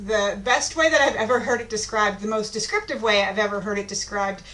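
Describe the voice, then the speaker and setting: A woman's voice: mid-range voice, steady tone, fairly quick, few pauses, fairly bright tone. A woman teacher giving a casual online lesson, chatty and informal, with plenty of ums.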